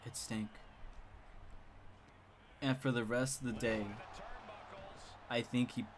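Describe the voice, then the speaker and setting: A man's voice: mid-range voice, flat delivery, slow, a crowd in the background. A young man casually telling a funny school story on a live stream, rambling with lots of repeats and chuckles.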